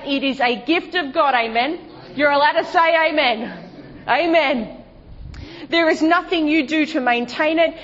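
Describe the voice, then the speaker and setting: A woman preacher delivering an emphatic sermon, full of rhetorical questions and dropping to a hushed, lower voice at times. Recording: dull sound with long hall reverb.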